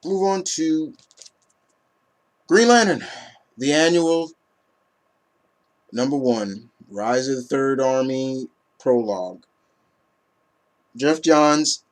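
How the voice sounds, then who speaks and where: A man giving a casual comic book review in an excitable, profane, ranting way. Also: medium pitch, slow pace, long pauses. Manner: excitable, swearing, animated rants.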